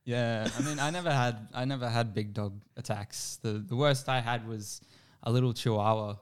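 An easygoing man in a relaxed conversation. His voice sits at a middle pitch, and he laughs often as he tells his tale. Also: moderate pace, smooth. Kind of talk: casual chat.

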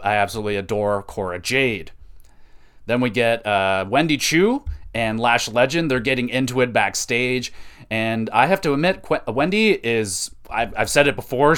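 A young man hosting a podcast, reviewing wrestling matches in casual, excitable chat and swearing freely. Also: mid-range voice, clear, resonant tone. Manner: excitable, profane, enthusiastic.

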